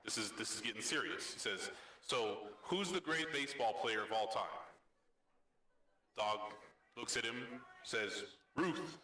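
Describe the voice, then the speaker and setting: A man's voice: expressive, unhurried, bright, forceful tone, echoey room, distant mic. A man hosting a show and telling a talking-dog joke, voicing the characters. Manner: easygoing, voices characters with raised pitch. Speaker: host.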